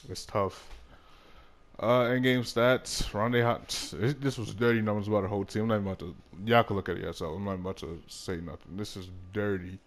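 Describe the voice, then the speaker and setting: A young man talks his way through a basketball video game in a loose, casual commentary. His voice sits a little low, drifting between quiet muttering and sudden loud, frustrated outbursts. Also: steady tone, brisk. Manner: swings from mumbled talk to loud frustrated outbursts. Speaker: gaming YouTuber.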